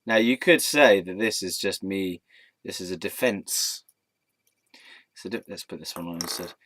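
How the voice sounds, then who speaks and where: A man's voice: low voice, moderate pace, a bit bright, no echo. A young man telling rambling, silly stories to his camera, giggling often and slipping into put-on voices. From England. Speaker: vlogger. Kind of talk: rambling casual vlog storytelling.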